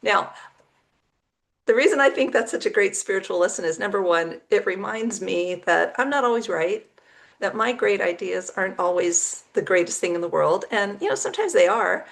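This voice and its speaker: A woman's voice: medium pitch, normal speed, vocal fry. A middle-aged woman casually telling a personal story to camera, acting out the people in it. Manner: animated, acts out quoted dialogue with gasps and laughs.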